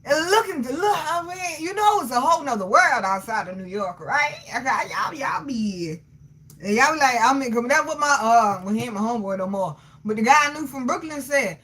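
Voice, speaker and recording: A woman in her thirties hosting a livestream, answering her chat in a loud, animated way, laughing often and swearing freely. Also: high voice, brisk, breathy edge. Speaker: livestream host reading chat. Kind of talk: casual chat.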